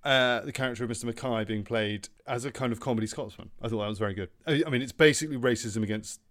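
A man's voice: medium pitch, fast, a bit bright. A man hosting a comedy review podcast in a mock-serious presenter tone, with frequent ums. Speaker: host. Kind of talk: deadpan comedy review chat.

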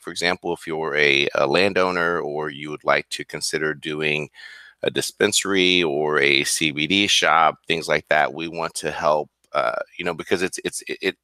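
Very deep voiced guy co-hosting, crisp bright tone, lots of uh and you know. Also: no echo. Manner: hesitant, lots of fillers and restarts. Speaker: co-host. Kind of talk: casual talk show chat.

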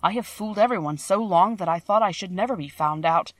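A woman's voice: mid-range voice, brisk, no room sound, lightly acted. A woman voicing a timid little male wizard who is a humbug, speaking meekly in a trembling voice. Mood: pleading. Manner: trembling, meek, pleading.

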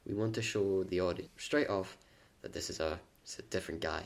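Young male co-host, low voice with a gravelly edge, eager and agreeable in casual film talk. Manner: agreeable, enthusiastic, lots of quick affirmations. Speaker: podcast co-host. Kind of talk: casual chat.

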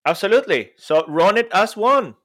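A man's voice: high-pitched, lively intonation, normal speed, a bit bright. Upbeat man co-hosting a podcast. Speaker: podcast co-host. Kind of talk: casual podcast chat.

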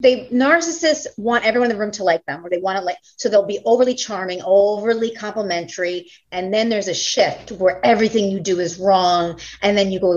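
Woman podcast host, reassuring, emphatic, mid pitch, dull muffled recording. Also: a little fast, few pauses, a little mellow. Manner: reassuring, emphatic, repeats key words. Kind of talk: casual podcast chat. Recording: dull lo-fi sound.

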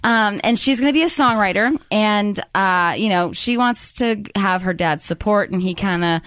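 A woman's voice: medium pitch, moderate pace, a bit bright, smooth, dry recording. A woman with a mid-range voice talks through a movie plot in a loose, rambling way, swearing now and then. The sound is dry and close to the mic. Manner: rambling, chatty, swears casually. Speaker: podcast co-host. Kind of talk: casual movie recap chat.

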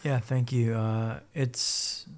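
A man's voice: mid-range voice, fairly even intonation, takes it slowly. A man telling his own story as a podcast guest, blunt and upbeat, swearing freely. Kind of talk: casual candid storytelling.

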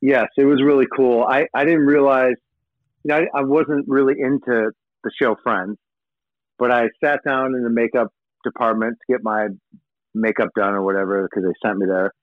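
Profane rocker on a tinny line. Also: male voice, medium pitch, fairly even intonation, moderate pace, no room sound. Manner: profane, rambling anecdotes with acted-out quotes. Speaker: rock musician guest. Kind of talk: casual interview storytelling. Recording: tinny phone-like line, dry.

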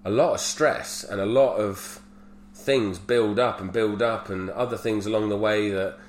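A man's voice: on the low side, fairly even intonation, a little slow. A man in his thirties, telling candid stories in casual podcast chat and swearing freely. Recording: roomy echo with faint hum.

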